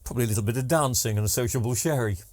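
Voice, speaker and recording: A man's voice: mid-range voice, racing, darkish tone. A man, rambling casually through a TV repair vlog with joking asides and lots of ums. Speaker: TV repair vlogger. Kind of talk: casual chatty workshop vlog.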